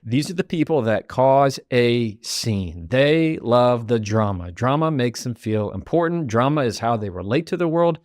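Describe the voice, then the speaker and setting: A man's voice: medium pitch, measured pace, few pauses, no echo, clean studio sound. A man, hosting a motivational podcast and acting out quoted voices. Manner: animated, acts out quoted voices. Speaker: podcast host.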